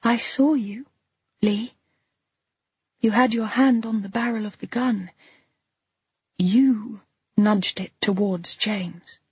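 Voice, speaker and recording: A woman voicing a soft-spoken, worried woman friend. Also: mid-range voice, slow, pauses often, slightly rough, no room sound, dull audio. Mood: pleading. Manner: quiet and pleading. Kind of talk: audiobook character voice.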